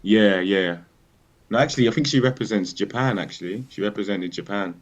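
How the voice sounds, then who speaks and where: A man co-hosts a casual podcast in a very deep voice. He agrees easily and talks in relaxed slang. His mic sounds a little dull and lo-fi. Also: fairly quick. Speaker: podcast co-host. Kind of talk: casual chat.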